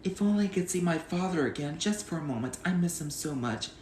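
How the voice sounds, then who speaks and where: A man voicing a gentle young heroine, speaking softly as in a cartoon film. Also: a little high, lively intonation, brisk, roomy sound, a little hiss or hum, pitched below the performer's own voice, close to an everyday voice, rough recording. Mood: wistful.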